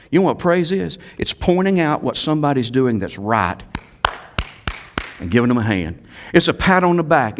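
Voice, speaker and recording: A male pastor preaching a sermon, swinging from quiet asides to loud exhortations and repeating key phrases for emphasis. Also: a little high.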